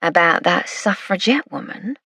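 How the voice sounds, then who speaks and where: A woman performs a cocky, wheedling East End London informant for an audiobook, giving him an exaggerated, high-pitched male voice that's sharp and breathy. He's animated but unhurried, leering and cackling, with clean, dry studio sound.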